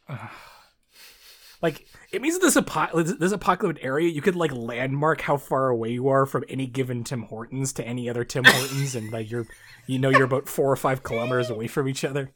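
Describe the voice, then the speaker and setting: The voice is medium-pitched, bright, and forceful, carrying a Southern Ontario Canadian accent. This co-host of a podcast, from Canada near Toronto, chats casually and rambles, swearing freely, laughing often, and restarting sentences.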